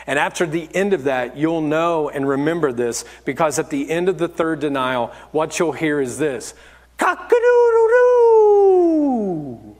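A man's voice: fairly high pitch, moderate pace, few pauses. A man giving a sermon as lead pastor, telling stories in a candid, self-deprecating way. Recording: long hall reverb.

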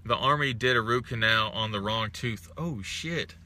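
A man's voice: on the low side, moderate pace, pushed and bright. A young man from Texas hosting a casual live stream, greeting viewers and ranting with heavy profanity.

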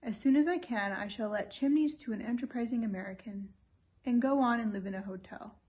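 Woman doing grumpy old lord, plaintive, fussy, kinda high voice, audiobook read. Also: brisk, darkish tone, lightly acted. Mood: grumbling. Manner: plaintive, complaining.

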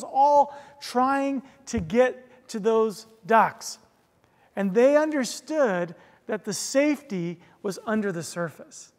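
A male pastor preaching a sermon, telling a story earnestly with frequent restarts and quick "right?" asides. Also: very high-pitched. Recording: long reverb of a large hall.

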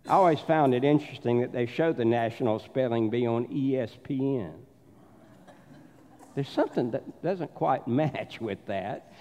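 A pastor with a Southern accent delivers a sermon in a church sanctuary, his voice medium-pitched with a darkish tone. He tells anecdotes and acts out the voices of the people in them. The recording sounds dull and carries long church reverb.

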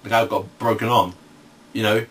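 A man's voice: lowish voice, steady tone, fairly quick, fairly bright tone. A young man chatting casually as co-host, slangy, tagging his sentences with "right, yeah?". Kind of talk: casual chat. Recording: distant from the mic, faint background hiss.

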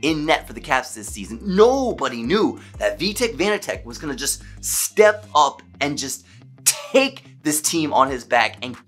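Excitable man recapping a hockey game. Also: a little high, slightly rough. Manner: animated, emphatic, stumbles over words when excited. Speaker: hockey fan vlogger.

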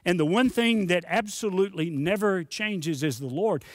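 A man's voice: high-pitched, expressive, normal speed, hardly any pauses, no room sound, clean studio sound. A man preaching a sermon as pastor, earnest, often doubling words as he stresses a point.

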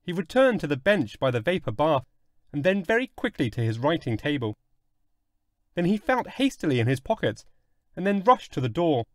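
A man narrating a classic short story in an expressive, dramatic audiobook reading. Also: fairly high pitch, normal speed, no echo, clean studio sound.

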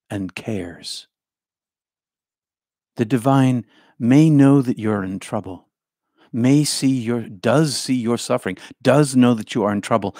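Male spiritual teacher, unhurried and incantatory, close dry sound. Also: fairly low pitch, no room sound. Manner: slow, repetitive incantatory phrasing, often dropping to a hush. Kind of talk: reflective spiritual talk.

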